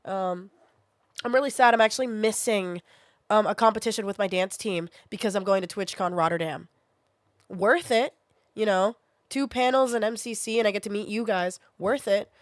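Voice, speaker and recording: A woman's voice: mid-range voice, no room sound. A young woman streamer, sick with a sore throat, chatting casually and venting bluntly with plenty of swearing. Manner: blunt, swears often, quick to vent.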